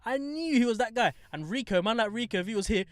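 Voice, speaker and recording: A young man with a London accent, co-hosting a podcast and telling a story in lively casual chat, acting out other people in high voices. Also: fast talker, clear, resonant tone, dry recording, studio quality. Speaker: podcast co-host. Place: studio.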